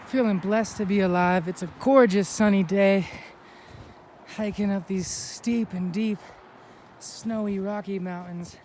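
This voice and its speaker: A man's voice: high voice, fairly even intonation, a little slow, a little mellow, slight background noise. A man giving a heartfelt, upbeat spiritual pep talk while hiking a snowy mountain, a little out of breath. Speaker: vlogger. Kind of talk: inspirational vlog talk.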